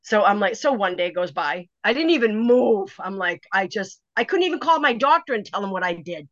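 Her mid-range voice moves fairly quickly as this debut author dramatically retells a story during a relaxed interview. She starts over many times, and the dry lo-fi audio comes across a bit dull.

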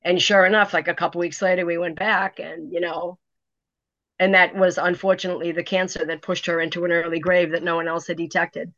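Woman, middle-aged, animated storyteller, dull lo-fi recording. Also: fairly low pitch, fairly quick, no room sound. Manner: animated, lots of "you know" fillers. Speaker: author guest. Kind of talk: storytelling in an interview. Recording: dry, dull lo-fi sound.

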